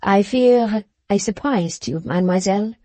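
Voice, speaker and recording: A woman voicing an intense young French lady's maid in an audiobook, speaking in a low, subdued, earnest way with a French accent. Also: moderate pace, mellow, dry recording, lightly acted. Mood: earnest pleading. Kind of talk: audiobook character voice.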